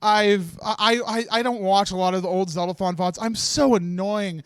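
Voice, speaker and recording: A man giving an emotional closing speech at a livestreamed charity marathon. He talks haltingly, restarts his sentences often and laughs through tears. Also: sits high, steady tone, clean tone, dry recording. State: tearful.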